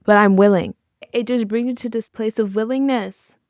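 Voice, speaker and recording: A woman's voice: on the high side, steady tone, moderate pace, darkish tone, no room sound, clean studio sound. A young woman hosting a podcast, speaking in an earnest, encouraging way with casual asides. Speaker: podcast host. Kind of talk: reflective podcast monologue.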